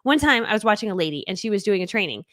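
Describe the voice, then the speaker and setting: A woman in her forties, a business coach, chatting excitedly and rambling through a casual live training from her home office. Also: medium pitch, rapid-fire, no echo, studio quality.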